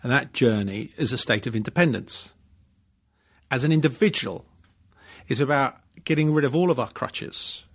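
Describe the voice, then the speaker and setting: A man's voice: mid-range voice, moderate pace. A man as a podcast guest, talking reflectively with some dry humor. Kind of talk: casual interview chat.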